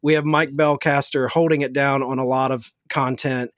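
A man's voice: medium pitch, little pitch movement, normal speed, no room sound, clean studio sound. A man guesting on a casual podcast, easygoing and enthusiastic.

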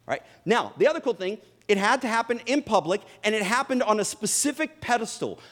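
Animated preacher man, high lively voice. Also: brisk. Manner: animated, jokes with the congregation. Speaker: pastor. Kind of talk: sermon with humorous stories. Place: church before a live audience.

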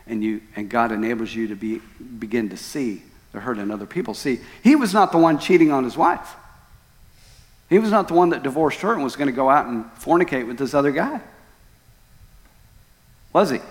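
Pastor guy preaching, big swings loud to quiet, long church echo. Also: on the high side. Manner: dramatic storytelling, swings from loud outbursts to hushed lines. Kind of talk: sermon. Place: church sanctuary. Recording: long church hall reverb.

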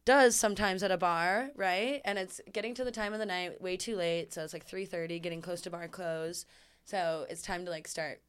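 A woman telling a story in casual chat, animated and laughing, acting out what people said. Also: on the low side, normal speed, smooth. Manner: animated, laughing, acts out quotes. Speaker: guest storyteller.

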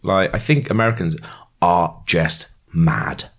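A young man chatting casually as a podcast co-host, sweary and animated when he tells a story. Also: sits low, unhurried, creaky. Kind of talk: casual chat.

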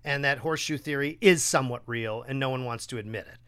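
A man hosting a podcast, chatting casually and acting out quotes with a raised, animated voice. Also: mid-range voice, fast, clear, resonant tone. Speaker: podcast host. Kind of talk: casual conversation.

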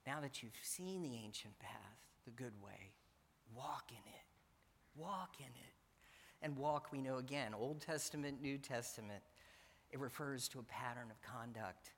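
Male pastor, mid-pitched voice, emphatic sermon delivery, long church reverb. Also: a bit bright. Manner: earnest, emphatic, repeats key phrases. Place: church sanctuary.

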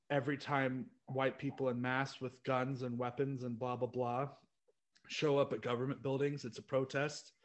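A young American man co-hosting a casual podcast chat, ranting in a blunt, opinionated way. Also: medium pitch. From United States. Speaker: podcast co-host.

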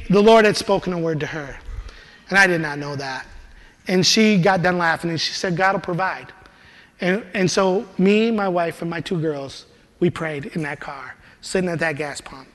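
High-voiced preacher in a reverberant church. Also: male voice, moderate pace. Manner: animated storytelling, laughs while he talks. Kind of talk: sermon with personal testimony.

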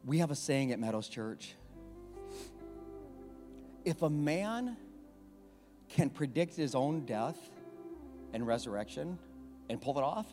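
A man preaching a sermon as pastor, telling a story with passion, repeating phrases and building to shouts. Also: mid-range voice, animated, takes it slowly, long pauses. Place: church sanctuary. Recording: long hall reverb, faint music.

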